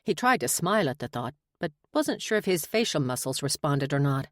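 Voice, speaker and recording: A woman narrating a romance audiobook in a measured, expressive reading. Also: sits low, no room sound, clean studio sound. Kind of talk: scripted narration.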